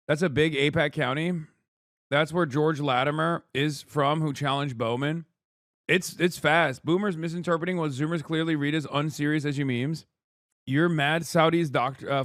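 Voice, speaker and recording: A man in his thirties doing casual political commentary as a streamer, sarcastic and quick to swear, rattling through headlines. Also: a little high, no echo, studio quality.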